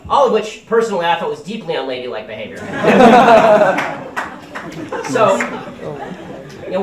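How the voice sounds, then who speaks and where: Rapid, combative young man in a roomy hall. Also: fairly high pitch. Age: young adult. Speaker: campus speaker. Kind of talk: political speech to a live audience. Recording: roomy hall, mic at a distance.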